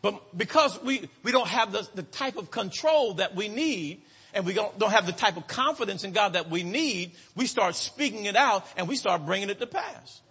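A male preacher delivers his sermon with a bright, animated voice that climbs high and swoops as he stretches out words for emphasis and checks in with the congregation. His tone carries a breathy edge, and a long reverb from a large hall trails behind every line. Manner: rhythmic preaching cadence, drawn-out emphatic words, calls to the congregation.

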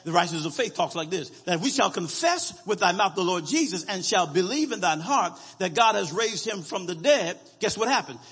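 A man preaching a sermon, slowly reading scripture aloud and calling out to his congregation for answers. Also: high voice, expressive, a bit bright, husky, in a large hall.

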